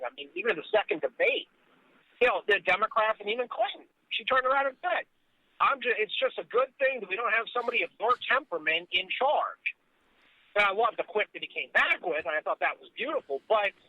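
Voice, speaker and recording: A man's voice: sits high, no echo. A man hosting a casual political talk show, blunt and sarcastic, with swearing. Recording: dull lo-fi recording.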